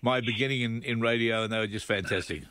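A man's voice: mid-range voice, steady tone, fast, sharp tone, slight background noise. An older man with an Australian accent hosting a radio show, joking and laughing often in blunt banter. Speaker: radio host. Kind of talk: casual on-air chat. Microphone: studio microphone.

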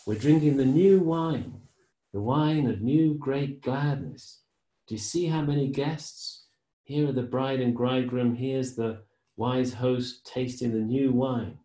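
Gentle old elder, joyful and kind, warm low tone, a man reading him aloud. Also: slow pace, echoey room, lightly acted, rough recording. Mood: tender. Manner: reads the dead elder's words tenderly.

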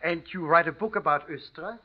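A man playing a husky German innkeeper. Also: on the high side, fast, natural voice. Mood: fawning. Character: obsequious German-accented male innkeeper. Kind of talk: 1950s radio drama acting. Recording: muffled 1950s radio broadcast.

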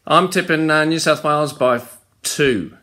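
An Australian man with a fairly high, sharp voice hosts a casual family home video at normal speed, chatty and playful as he coos affectionately at his pets. The room is echoey, with background noise.

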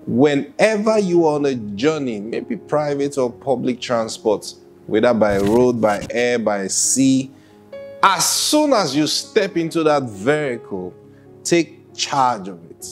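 A man preaching a sermon, lively with laughs and acted-out quotes. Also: mid-range voice, slow, faint music behind. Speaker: pastor.

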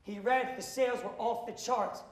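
A man with a high voice speaks as a motivational speaker to a school audience. He acts out the dialogue as he tells his stories and breaks into loud shouts now and then. His voice rings around an echoey school hall. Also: steady tone, moderate pace. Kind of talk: animated storytelling to students. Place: school auditorium.

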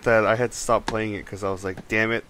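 A young man with a somewhat low voice, co-hosting a casual gaming podcast. He is laid-back and dryly sarcastic, and he often says "dude". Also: fairly even intonation, fast, background noise. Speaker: podcast co-host.

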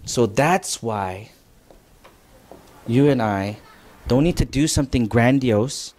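A man delivering a sermon in a church, speaking at an everyday mid pitch. He talks in a loose, chatty way with asides and questions to the room, then leans hard into his key points. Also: slow pace, noisy background. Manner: conversational preaching, rising to emphatic. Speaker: pastor. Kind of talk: sermon lecture.

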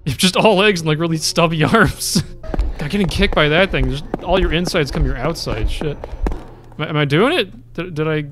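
A man's voice: a little high, a little slow, fairly bright tone, faint music behind. A man giving let's play commentary as a gaming video creator, talking to the game, swearing often and laughing a lot.

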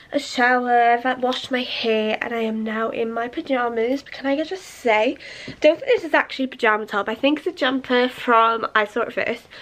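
Young woman, lifestyle vlogger, chatty and rambling, voice a bit high. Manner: chatty, rambling, self-correcting. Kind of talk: casual vlog chat to camera. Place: at home.

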